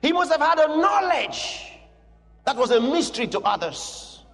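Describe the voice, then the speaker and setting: A man preaching a sermon, reading scripture and swinging between hushed asides and shouted declarations, with chuckles between points. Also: extremely high pitch, very animated, normal speed. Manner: reads scripture aloud to a congregation. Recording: long hall reverb.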